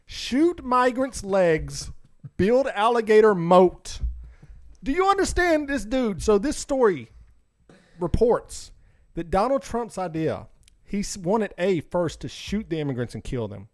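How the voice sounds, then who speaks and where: Animated man ranting on a podcast. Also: high voice, moderate pace. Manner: animated, exclaiming, acts out quoted voices. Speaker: podcast co-host. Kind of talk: casual podcast banter.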